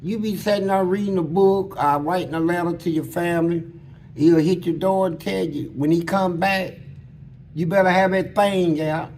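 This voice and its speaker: A high-pitched man with a steady, slightly mellow tone tells prison stories as an interview guest, speaking at normal speed. His language is blunt, crude street slang, and he performs other people's lines as he goes. There's slight background noise.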